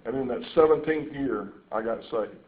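A man's voice: mid-range voice, normal speed. A man preaching a sermon to a congregation, telling folksy stories and turning to the listeners with asides. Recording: echoey room over a tinny phone-like line.

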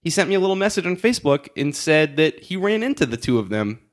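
A man's voice: fairly high pitch, very animated, fast talker. A young man hosting a podcast, telling a story in casual chat, laughing often and acting out the voices of the people in it. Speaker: podcast host.

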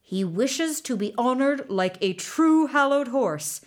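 Brief: woman playing pompous old scholars, slow and solemn. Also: sits high, lively intonation. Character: pompous male wise men, fussy scholars.

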